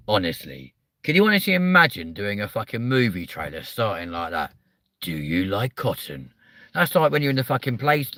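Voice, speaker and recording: Male comedy host, crude rambling banter, bright voice, dry close sound. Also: on the low side, dry recording. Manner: crude, rambling, swearing constantly. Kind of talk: casual comedic chat.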